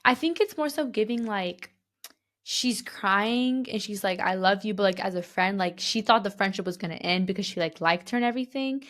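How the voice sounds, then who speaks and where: A young woman co-hosts a casual chat podcast. She reads a story aloud and then talks it through, with plenty of "like" and some disbelief. Her pitch sits in the middle range for a woman. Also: moderate pace, fairly bright tone. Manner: chatty, fillers like "like", reacts with disbelief. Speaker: podcast co-host.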